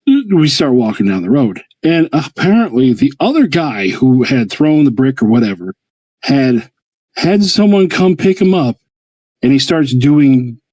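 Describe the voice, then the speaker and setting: A man's voice: no echo, low-quality recording. A man, host of a hobby livestream, telling a long story in casual chat and acting out the quotes with big jumps in his voice. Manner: animated, acts out quotes with jumps in pitch.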